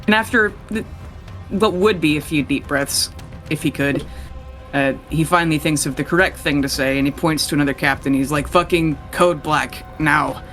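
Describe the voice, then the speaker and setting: A young man runs a tabletop game as game master, narrating casually, swearing freely and voicing characters in passing. His voice is slightly high, slightly fast and a bit bright, with soft music behind him.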